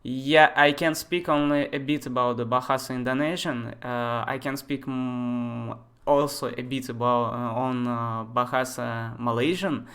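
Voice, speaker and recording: A man in his twenties, not a native English speaker, thinking aloud and chatting with viewers during a live software tutorial. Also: mid-range voice, steady tone, measured pace. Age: 20s. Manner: thinks aloud, chatty asides, answers chat questions. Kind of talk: live screen-share tutorial.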